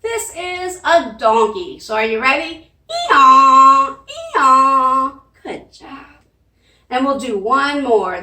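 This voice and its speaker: A children's librarian with a fairly bright, higher-pitched voice leads a sing-along lesson, using cheerful, coaxing talk and animal sounds. She is in a library room, recorded with echo and the mic at a distance.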